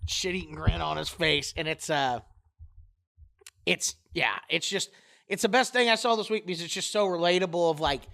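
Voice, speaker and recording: High-voiced man chatting sports. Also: normal speed, creaky, dry recording, studio quality. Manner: animated, retells stories in other voices, swears. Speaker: podcast co-host. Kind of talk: casual sports chat.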